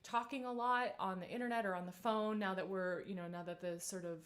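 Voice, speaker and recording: A woman in her thirties, a vocal coach leading a live-streamed singing warm-up, chatty and encouraging, with many fillers. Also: medium pitch, steady tone, fairly quick.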